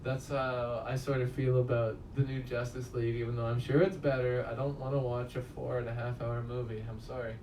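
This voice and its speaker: A man's voice: medium pitch, little pitch movement, fairly quick, few pauses, a little mellow, recorded from a distance. A man talks through a movie review in a loose, rambling way, swearing freely and chuckling at his own stories. His mid-range voice sits a little away from the mic. The room is echoey, with a faint hum of background noise. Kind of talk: casual spoken film review.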